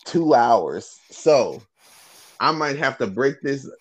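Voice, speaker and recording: A man's voice: medium pitch, very animated, takes it slowly, husky. A man hosting a podcast in casual chat, blunt and profane, laughing often. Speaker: podcast host.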